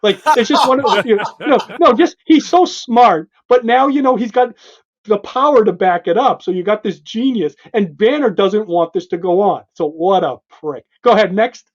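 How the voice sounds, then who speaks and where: A male co-host in an excited comic book discussion, emphatic and animated, pointing out panel after panel. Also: high-pitched, normal speed. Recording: dull lo-fi sound.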